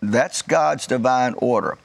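Male pastor, gravelly voice, middle pitch. Preaches in a measured way and leans on key words. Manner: light joking asides. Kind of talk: sermon.

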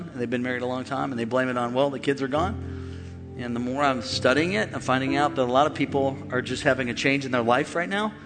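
A man preaching a sermon as pastor, animated and joking with the congregation in a large church. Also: mid-range voice. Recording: long hall reverb with faint music.

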